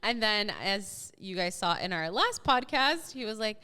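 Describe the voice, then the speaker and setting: A woman's voice: medium pitch, bright, forceful tone, clear, resonant tone. A young woman co-hosting a podcast, telling stories in a teasing, laughing way. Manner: teasing, storytelling, quick to laugh. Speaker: podcast co-host. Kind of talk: casual chat.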